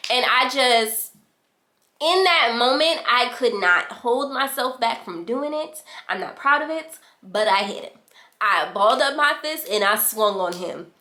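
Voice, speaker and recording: A young woman vlogger telling a storytime in casual chat, animated and slangy, acting out what others said. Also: a little high, measured pace. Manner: animated, slangy, acts out quotes. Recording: echoey room.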